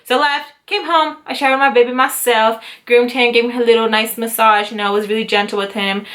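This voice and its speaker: A woman in her twenties telling a story to camera in a casual vlog, animated and dramatic, with swearing and acted-out quotes. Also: a little high, a little fast. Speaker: YouTube storyteller, mother.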